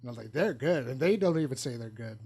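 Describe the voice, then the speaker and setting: A man's voice: medium pitch, lively intonation, quick pace, a little mellow, slightly rough. A young adult man, a guest on a casual podcast, talking things over reflectively and leaning hard on "like" as a filler. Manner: reflective, loose, heavy use of "like".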